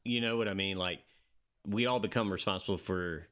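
A man talking casually in a measured, reflective way about parenting. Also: low voice, fairly bright tone. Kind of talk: casual chat.

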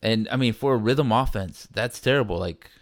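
A man hosting a casual sports podcast, rambling and animated, often acting out quotes from players and fans. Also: mid-range voice, normal speed, no room sound, studio quality. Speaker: podcast host.

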